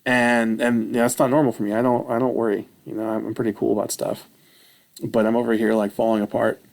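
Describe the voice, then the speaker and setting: A man vlogging, telling a rambling personal story with self-mocking, animated retelling. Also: mid-range voice, quick pace, vocal fry.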